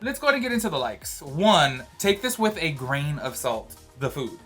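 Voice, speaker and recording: A vlogger from Georgia, USA, chats about a cruise from his ship cabin with a slightly high, sing-song voice that's a bit bright and husky, at a moderate pace. He rambles with many fillers and asides while faint music plays.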